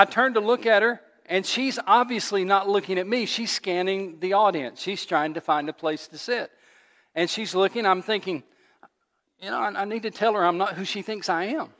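A man preaching as a pastor, telling a funny story with animated delivery before his sermon. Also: high voice. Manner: animated storyteller who laughs at his own tale. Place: church sanctuary. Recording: long church reverb.

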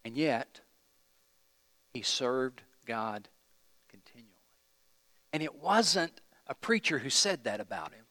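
A man's voice: mid-range voice, big pitch swings, slow, long pauses, pushed and bright, dry recording, big-room sound. A man pastor preaching a sermon, emphatic and putting questions to the congregation.

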